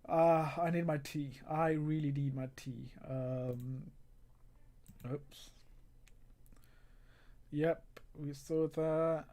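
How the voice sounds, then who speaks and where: An exasperated livestream host talking through a football match in casual live commentary. The delivery is sarcastic and frustrated, often breaking into laughter, with frequent pauses to read out viewer comments. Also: mid-range voice, a little mellow. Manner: reads viewer comments aloud.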